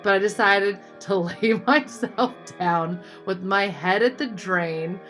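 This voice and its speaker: A woman vlogger telling a childhood story in a chatty, animated way, with lots of "like" and "you know". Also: mid-range voice, slow pace, faint music behind. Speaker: art vlogger. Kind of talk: casual storytelling.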